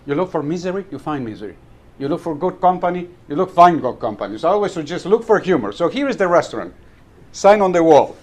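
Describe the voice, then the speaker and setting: A man's voice: fairly high pitch, very animated, fast, darkish tone. A man giving a humorous speech at a club meeting. He tells stories and chuckles at his own punchlines. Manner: storytelling, chuckles at own jokes, repeats words when restarting. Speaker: Toastmasters club speaker.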